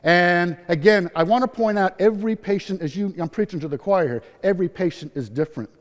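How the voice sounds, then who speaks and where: A man in his sixties tells his own story to a conference audience, keeping it upbeat and funny. His voice sits a little high for a man. The hall around him rings with a long reverb. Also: fairly quick. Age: 60s. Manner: upbeat, humorous storyteller, acts out quotes. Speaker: patient speaker at a nursing conference. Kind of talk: personal story talk to a live audience.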